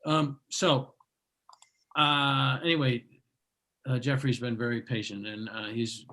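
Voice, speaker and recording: A man's voice: mid-range voice, fairly bright tone. A man hosting a live online comedy show, introducing the next comic with rambling jokes and lots of fillers.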